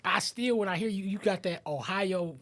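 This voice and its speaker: A woman's voice: medium pitch, moderate pace, fairly bright tone. A woman hosting a podcast, chatting in a laid-back, slangy way. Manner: slangy, laid-back, frequent agreeing "mm-hmm". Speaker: podcast host. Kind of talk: casual chat.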